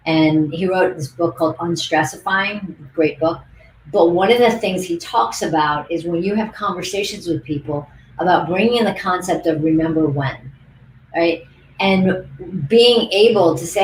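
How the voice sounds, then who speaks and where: A woman coach co-hosting a casual livestream, telling lively stories on a video call. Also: lowish voice, a little slow, echoey room, slight background noise, poor audio. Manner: lively anecdotal storyteller. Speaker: coach and co-host.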